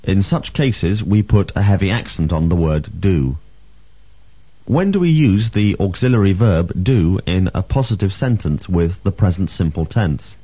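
A man teaching a language lesson, reading drills and asking questions with clear, emphatic delivery. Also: low-pitched, expressive, a little slow, mellow, dry recording.

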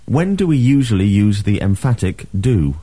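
A man teaching a language lesson, reading drills and asking questions with clear, emphatic delivery. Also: fairly low pitch, sing-song, normal speed, dark tone, no room sound.

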